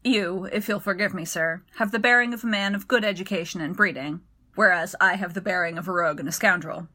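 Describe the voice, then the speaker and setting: A woman voicing a rough-voiced former servant man who speaks in a dry, measured way with quiet bitterness. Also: sits high, exaggerated voice. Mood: dry, steady.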